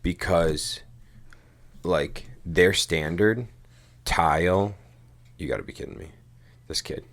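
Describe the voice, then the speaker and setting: Sitting low in pitch with a fairly bright tone, this man speaks at a slow pace. He co-hosts a podcast and tells a meandering story in laid-back chat, swearing casually and leaning heavily on "dude" and "like."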